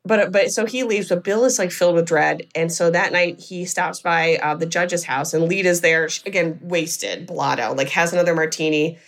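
A woman's voice: on the low side, normal speed, hardly any pauses. A woman co-hosting a podcast, retelling a film plot in casual chat and filling her talk with "like". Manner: chatty storyteller, lots of "like". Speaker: podcast co-host. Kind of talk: casual movie recap.

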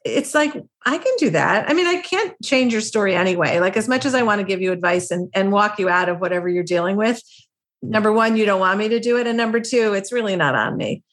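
A woman's voice: medium pitch, fast talker. A woman co-hosting a parenting podcast, sharing her experience as a mother in a reflective, conversational way. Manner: reflective, conversational, many fillers like "like" and "I mean". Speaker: podcast co-host. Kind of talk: casual chat.

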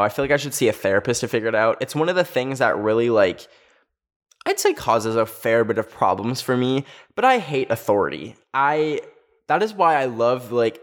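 A young man telling a personal story in a chatty vlog style, filling his speech with "like". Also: medium pitch. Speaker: video creator.

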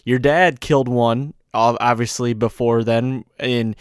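Dry-voiced podcast host asking questions. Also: male voice, mid-range voice, steady tone, measured pace, clean tone, dry recording. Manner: short encouraging reactions and recaps before questions. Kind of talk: casual interview.

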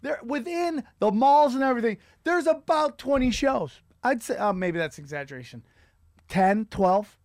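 A middle-aged man hosting a comedy podcast, ranting in a profane, rambling way with loud outbursts. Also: very high voice, expressive, normal speed, no room sound, studio quality. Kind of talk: casual comedic rant.

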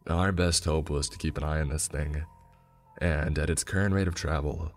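Man with a super deep voice reading a creepy story, slow and grim, faint music under it. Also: fairly even intonation. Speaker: narrator. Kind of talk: scripted horror story narration.

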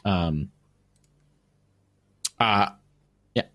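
A man's voice: low voice, drawn-out words, bright, forceful tone, no echo. A man running a tabletop game as game master, describing the scene in a loose, rambling way.

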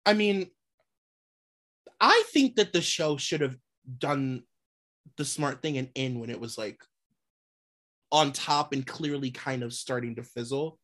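A woman with a bass voice speaks unhurriedly and pauses often. Co-hosting a podcast in casual chat, she launches into blunt, animated rants with lots of swearing and laughs.

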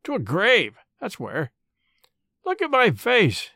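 A man reading the part of a bitter, hopeless ex-convict burglar, speaking hoarsely, fiercely and doggedly. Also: high-pitched, huge pitch swings, slow pace, sharp tone, dry recording, clean studio sound, voice pushed up, full character voice. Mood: desperate.

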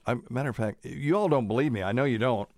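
A man's voice: mid-range voice, quick pace, a little mellow, no echo, clean studio sound. A man hosting a casual solo podcast, rambling and chatty, stopping to fuss over word usage. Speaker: podcast host, doctor.

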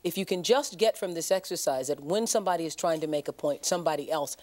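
Brisk, fast-talking talk show hostess. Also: female voice, low voice, darkish tone. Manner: brisk, summarizing for viewers.

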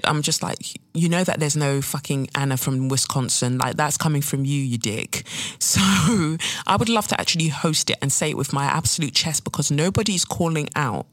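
A woman's voice: low-pitched, moderate pace, no room sound. A woman hosting a casual solo chat, ranting and swearing as she talks. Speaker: podcast host.

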